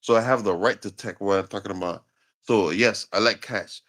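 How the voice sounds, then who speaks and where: A man's voice: lowish voice, a little fast, a bit bright. A man in a heated online debate, answering in a rambling, defensive, profane way. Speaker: debate guest.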